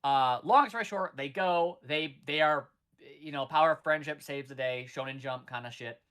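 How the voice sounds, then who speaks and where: A podcast host in their thirties with a bright, clean voice at medium pitch and normal speed retells a film, wandering into loose asides. The tone is sarcastic and full of cursing, like friends chatting about an old favourite movie.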